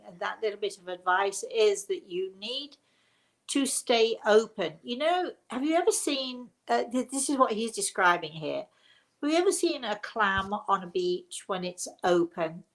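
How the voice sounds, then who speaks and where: An English woman hosting a live spirit-medium stream answers her viewers warmly and chattily in a middle-pitched voice. She's affectionate, using plenty of endearments and calling them darling.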